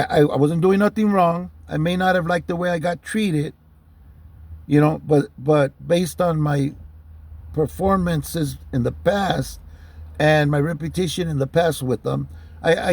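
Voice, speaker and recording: A man's voice: on the high side, vocal fry, darkish tone. A man telling personal stories in a heated, profane, rambling way. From Southern California. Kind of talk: casual storytelling monologue.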